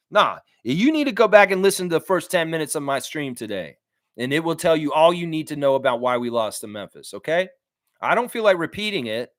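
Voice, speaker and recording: A man's voice: a little high, no room sound, studio quality. A man hosting a live fan reaction stream, reading chat and answering in a blunt, repetitive way with casual swearing. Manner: blunt, animated, swears freely, repeats himself for emphasis. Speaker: sports stream host.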